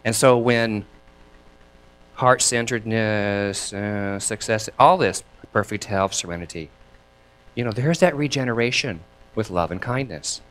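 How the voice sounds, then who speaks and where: A man preaching a sermon as minister, chatty and lively, laughing between thoughts and leading his congregation in repeating lines. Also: on the low side, measured pace. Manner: leads the congregation in call and response.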